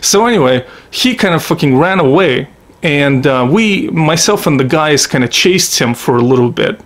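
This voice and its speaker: A man's voice: on the high side, expressive, moderate pace, a bit bright. A man from Russia telling stories from his own life in a blunt, profane, rambling vlog monologue. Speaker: vlogger. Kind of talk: casual storytelling monologue.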